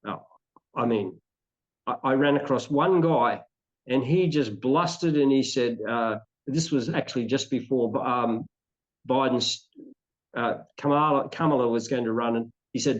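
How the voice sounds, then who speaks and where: Australian male interview guest, mid-pitched, strongly opinionated and meandering, lo-fi sound. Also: unhurried. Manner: opinionated, rambling with frequent restarts. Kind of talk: conversational interview.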